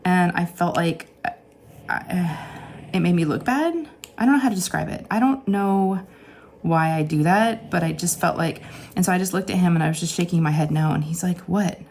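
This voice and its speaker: Woman, 40s, low voice, craft vlogger, candid rambling storytelling, emotional, home craft room, faint background noise. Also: normal speed, darkish tone. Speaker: craft channel host. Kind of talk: personal vlog storytelling.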